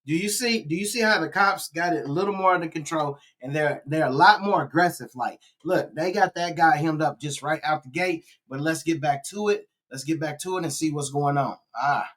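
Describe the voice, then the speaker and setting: A man's voice: fairly high pitch, a little fast, few pauses, a bit bright. A man hosting a casual reaction video, talking to his viewers as family and repeating his exclamations. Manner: chatty, addresses viewers as family. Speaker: YouTube reaction host.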